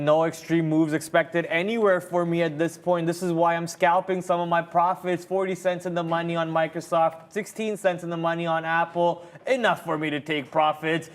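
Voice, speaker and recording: High-voiced upbeat trading-show host. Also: male voice. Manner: upbeat, playful, chatty. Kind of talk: live market commentary. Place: trading-floor TV studio.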